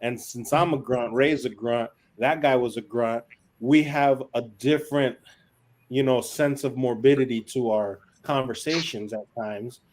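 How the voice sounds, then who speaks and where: A man's voice: medium pitch, a little slow, darkish tone, a little hiss or hum. Blunt, profane veteran man telling stories. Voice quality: profane, blunt, acts out quoted dialogue. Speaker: military veteran guest. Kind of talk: casual storytelling on a podcast.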